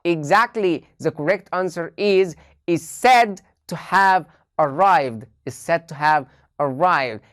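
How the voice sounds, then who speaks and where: A woman's voice: lowish voice, animated, slow, no room sound, studio quality. A woman teacher gives an online English lesson, asking her students many questions and repeating key phrases.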